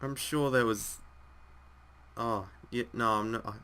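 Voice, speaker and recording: A man's voice: medium pitch, fairly even intonation, a little slow, long pauses, smooth. A man casually reading a visual novel aloud and chatting about it, rambling and self-mocking. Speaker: gaming video host. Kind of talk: casual let's-play commentary and reading. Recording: loud background music.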